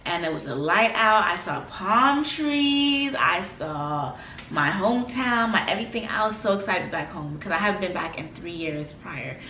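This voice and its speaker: A woman from Florida telling a story in a casual sit-down vlog, animated, emphatic and slangy. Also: lowish voice, moderate pace, a little hiss or hum. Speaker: vlogger. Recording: roomy, mic a bit far.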